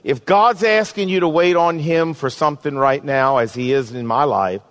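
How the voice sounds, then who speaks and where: A man's voice: fairly high pitch, a bit bright. Earnest male pastor preaching. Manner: earnest, pleading, slows for emphasis. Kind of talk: sermon and closing prayer.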